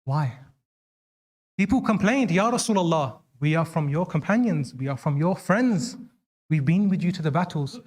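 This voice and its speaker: A male preacher tells stories in a sermon, raising his voice sharply for the lines he quotes. His voice sits a little higher than most men's. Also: lively intonation, normal speed, a little mellow. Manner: dramatic, voices quoted lines with rising pitch. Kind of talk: sermon storytelling.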